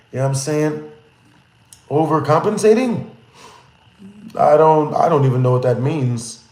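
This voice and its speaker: A young man streaming live, telling a story to his chat in a casual, profane, animated way, repeating "you know what I'm saying" again and again. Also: on the high side, echoey room, rough recording.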